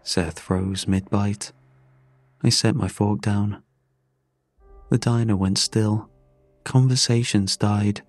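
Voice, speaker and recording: Male narrator, low-pitched, dry close read, measured and somber, faint music bed. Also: steady tone, no room sound. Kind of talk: scripted first-person horror narration.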